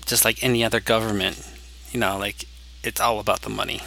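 A man's voice: lowish voice, level tone, brisk, vocal fry, sharp tone, a little hiss or hum, poor audio. An American man co-hosting a casual podcast chat, rambling and eager as he spins fan theories. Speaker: podcast co-host.

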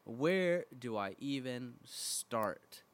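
A man's voice: mid-range voice, animated, very slow. Guy from kentucky calling in, chatty fan voicemail, kinda rambly. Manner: friendly and rambling fan praise. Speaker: voicemail caller. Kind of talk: recorded voicemail message.

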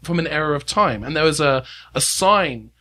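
A man acting as game master, narrating scenes in a tabletop role-play with many pauses and restarts. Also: a little high, expressive, sharp tone. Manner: halting, full of fillers and restarts while describing scenes.

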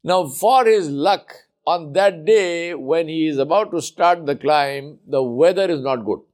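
A man's voice: a little high, measured pace, a little mellow. Man preaching with emphatic repetition. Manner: emphatic, repeats words for effect. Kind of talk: sermon storytelling.

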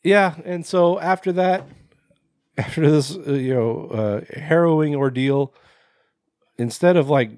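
A man's voice: on the high side, a little slow, a little mellow, dry recording, clean studio sound. A man co-hosting a podcast, recapping a horror film in loose casual chat, rambling with lots of fillers and swearing. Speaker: podcast co-host.

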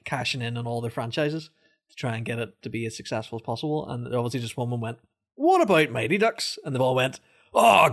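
A man co-hosting a sports podcast, giving his opinions. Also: mid-range voice. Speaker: podcast co-host. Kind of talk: casual sports chat.

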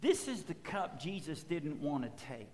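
Male pastor, slightly high voice, sermon with rhythmic repetition, long hall reverb. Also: very animated, a little slow, darkish tone, a little hiss or hum. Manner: preaching with swells of emphasis and repetition.

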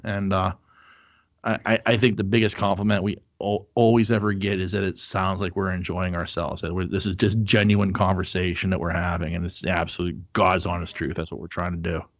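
A man's voice: low voice, little pitch movement, fairly quick, no echo, muffled recording. A middle-aged man hosting a podcast, chatting casually with lots of fillers and swearing. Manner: rambling, profane, lots of fillers. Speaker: podcast host. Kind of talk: casual chat.

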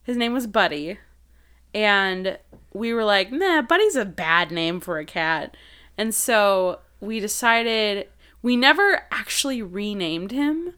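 Podcast co-host, woman with a Wisconsin accent: crisp, bright voice, loose and rambling delivery. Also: mid-range voice, expressive, slow. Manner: rambling, giggly, lots of fillers. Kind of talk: casual chat. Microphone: headphones and studio mic.

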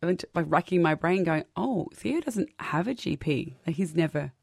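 A woman's voice: on the low side, lively intonation, normal speed, gravelly, breathy edge, no echo, studio quality. A woman in her thirties hosting a podcast, chatting casually, laughing often and restarting her sentences. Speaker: podcast host. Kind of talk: casual conversational interview.

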